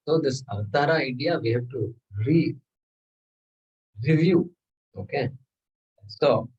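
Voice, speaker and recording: Husky man teaching scripture. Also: mid-range voice, a little mellow, distant mic, low-quality recording. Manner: discursive, rhetorical questions, chanted Sanskrit verses. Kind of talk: lecture on scripture.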